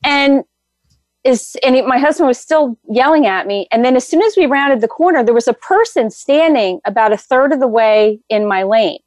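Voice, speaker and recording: A middle-aged woman guest telling her story in an animated, rambling way with many fillers. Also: high voice, moderate pace, no room sound. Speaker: guest, energy healer. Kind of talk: casual interview storytelling.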